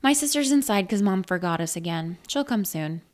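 A woman's voice: mid-range voice, animated, moderate pace, natural voice. A woman voicing an earnest, matter-of-fact young girl in a spoken story.

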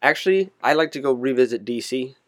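A man's voice: medium pitch, lively intonation, a little fast, no echo. Casual chatty man, dry sound. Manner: chatty, rambling, self-correcting. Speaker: conversation partner. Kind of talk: casual chat.

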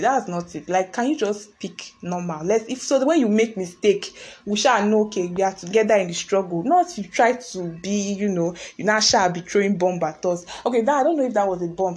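A woman's voice: medium pitch, a little fast, rough recording. Chatty young Nigerian woman vlogger. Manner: chatty and expressive, slangy asides. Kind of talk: casual storytelling to viewers.

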